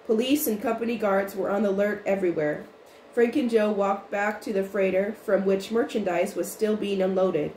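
A woman narrating a storybook chapter in an even, unhurried reading voice with small restarts. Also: medium pitch. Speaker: audiobook reader. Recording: roomy with faint noise.

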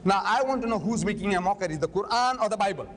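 Older guy lecturing, high voice, pushy, hammers rhetorical questions, long hall echo. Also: fast. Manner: forceful, argumentative, rhetorical questions. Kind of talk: public lecture debate. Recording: long hall reverb, faint noise.

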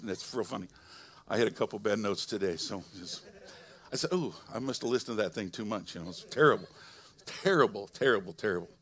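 A middle-aged male pastor preaching a sermon in a folksy, conversational way, swinging between loud preaching and soft asides. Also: fairly low pitch, fairly quick. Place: church sanctuary.

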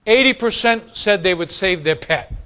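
A man preaching a sermon as pastor, swinging from quiet, low lines to fast, loud bursts. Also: expressive, smooth.

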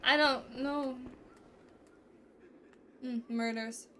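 A young woman giving casual, profane let's-play commentary, reacting loudly and laughing at the game. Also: high voice, fairly even intonation, drawn-out words, slight background noise. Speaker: gaming streamer.

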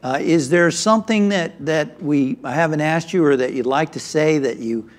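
A man's voice: a little high, normal speed. A man hosting an interview, agreeing often and adding his own reflective remarks. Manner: affirming, frequent agreeing interjections. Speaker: interview host, minister. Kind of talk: conversational interview.

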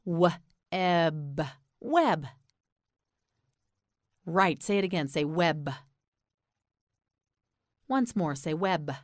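An American woman teaching English pronunciation narrates a slow, clear, scripted beginner lesson at a very deliberate pace. Her slightly low voice has lively intonation, and the recording is close and dry. She carefully repeats each word slowly, then asks the listener to say it back.

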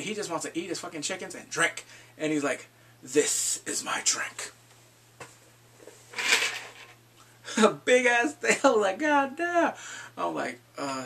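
A man casually recapping a TV episode, swearing freely and jumping into quick impressions of the characters. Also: on the high side, gravelly, sharp tone, recorded from a distance, a little hiss or hum. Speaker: TV show reviewer. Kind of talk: casual spoiler recap vlog.

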